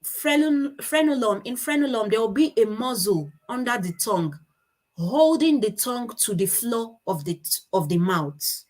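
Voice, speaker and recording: A woman's voice: on the high side, expressive, normal speed, darkish tone. A woman giving a conference talk with slides, explaining step by step and stopping to correct herself. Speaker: conference speaker on child speech disorders.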